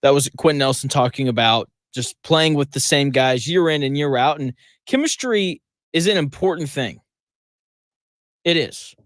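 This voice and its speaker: A man hosting a sports talk radio show, delivering an emphatic, conversational monologue full of quick asides. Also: medium pitch, expressive, a bit bright, no room sound.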